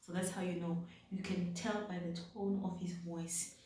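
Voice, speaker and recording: A woman's voice: fairly low pitch, flat delivery, moderate pace, dark tone, slight background noise. Chatty woman in a very echoey room. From South Africa. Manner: chatty, repeats points with "right?". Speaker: vlogger giving dating advice. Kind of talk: casual advice talk to camera. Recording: very echoey room, distant mic.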